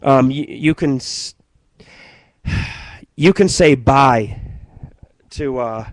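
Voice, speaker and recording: A man hosting an internet radio show, telling stories in a profane, rambling way and jumping between loud outbursts and muttering. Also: mid-range voice, drawn-out words, no room sound. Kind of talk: rambling live-stream monologue.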